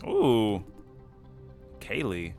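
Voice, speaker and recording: A man's voice: on the low side, huge pitch swings, drawn-out words, darkish tone, faint music behind. A man hosting a gaming channel who reacts casually and profanely while he plays a story game, talking back to the characters.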